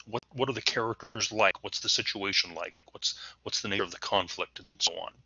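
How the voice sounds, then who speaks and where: A man's voice: lowish voice, fairly quick, bright, forceful tone, breathy edge, dry recording, highs cut off. A man teaching a recorded lecture in a conversational way, with fillers and playful acted examples.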